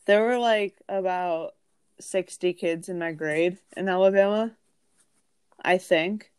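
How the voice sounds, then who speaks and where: Chatty young woman, smooth dry voice. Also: lowish voice, slow pace, darkish tone, no room sound. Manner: chatty storytelling with many fillers. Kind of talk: casual chat.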